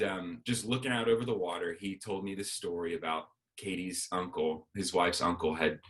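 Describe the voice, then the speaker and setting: A man's voice: sits low, a bit bright. A man giving a sermon as a guest speaker, telling a personal story and acting out the dialogue.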